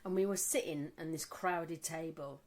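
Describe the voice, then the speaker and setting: A woman co-hosting a podcast who tells relaxed anecdotes in casual chat and laughs often. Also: low voice, moderate pace. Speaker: podcast co-host.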